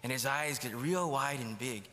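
Bright-voiced man preaching in reverberant hall. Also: mid-range voice, moderate pace. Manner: storytelling, acts out quoted dialogue. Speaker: preacher giving a testimony. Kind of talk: sermon testimony.

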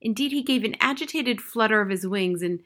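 A woman narrating a children's novel in a steady, plain storytelling manner. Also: on the high side, fairly quick. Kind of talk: reading a children's novel aloud.

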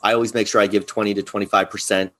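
A man's voice: on the low side, little pitch movement, racing, fairly bright tone. A man co-hosting a podcast in casual chat, rambling with many fillers and restarts. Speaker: podcast co-host.

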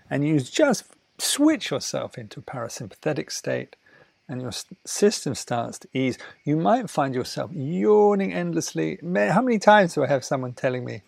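Slow gravelly man guiding relaxation. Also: on the high side, no room sound. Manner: slow, soothing, drifts between soft murmurs and louder asides. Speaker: wellness teacher. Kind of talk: guided talk on breathing and relaxation.

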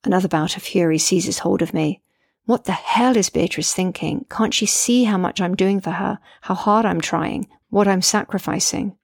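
A woman's voice: mid-range voice, moderate pace, vocal fry, no echo, clean studio sound. A middle-aged woman, a mother, narrating her memoir in an earnest, reflective way.

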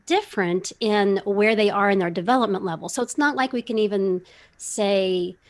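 A middle-aged woman hosts the conversation at a mid-range pitch. She talks things through in a thoughtful, measured way and builds her questions carefully. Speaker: podcast host. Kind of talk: casual interview conversation.

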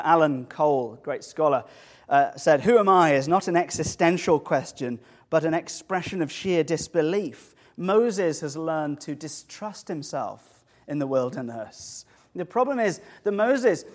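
A man preaching a sermon, humorous and animated, with storytelling asides. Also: on the high side.

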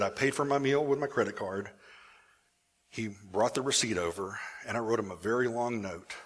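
A male pastor telling a personal story in a sermon, animated at times and hushed in the emotional moments. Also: lowish voice, husky.

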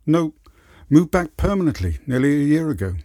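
A cheerful, easygoing older man, read by a male narrator in a spoken story. The delivery is lively and slightly husky, close to the reader's own voice. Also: fairly high pitch, moderate pace, dry recording, voice pushed up. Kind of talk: audiobook character voice.

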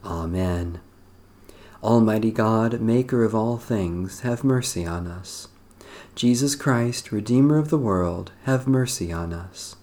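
Male prayer leader, unhurried and solemn, mellow dark tone. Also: lowish voice. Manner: measured, solemn liturgical reading. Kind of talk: slow recited evening prayer.

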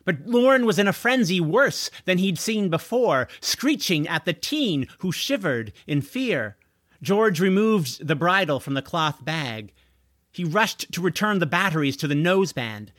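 A man reading a story aloud as narrator, expressive, on a close mic. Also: high voice, measured pace, no echo. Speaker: audiobook narrator.

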